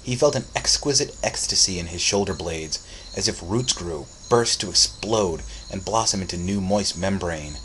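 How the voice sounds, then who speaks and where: A man narrating a story as an audiobook reading, with steady, dramatic storytelling. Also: low-pitched, normal speed, slight background noise, rough recording.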